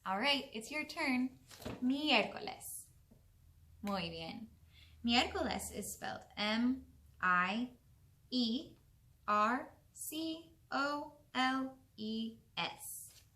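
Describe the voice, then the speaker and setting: A young woman teaching a beginners' language lesson to children, slowly sounding out words and encouraging the listener to repeat. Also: fairly high pitch, lively intonation, bright, forceful tone.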